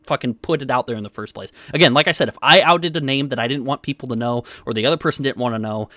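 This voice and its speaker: A man's voice: mid-range voice, quick pace, sharp tone, no echo, studio quality. A man hosting a livestream, arguing with his chat in casual, profane, defensive talk and reading comments aloud. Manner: defensive, swears often, reads chat aloud. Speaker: livestream host.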